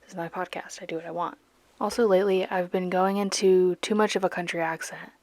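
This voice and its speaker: Fairly low-pitched and a little mellow, her speech is a bit quick with fairly even intonation and no echo. This young art channel host from Georgia has a light Southern accent and chats playfully and goofily over her painting, poking fun at herself and occasionally whispering.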